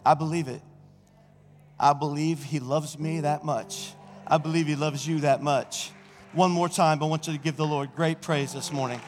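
A middle-aged senior pastor, preaching an exuberant sermon and shouting praise in a church sanctuary. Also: male voice, fairly high pitch, fairly even intonation, normal speed, slight background noise. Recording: reverberant church hall.

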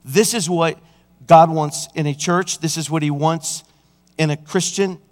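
Fervent preacher with a high voice. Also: male voice, steady tone, unhurried. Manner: fervent preaching that builds in pitch and force. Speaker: senior pastor. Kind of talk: sermon. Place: church sanctuary. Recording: church hall reverb.

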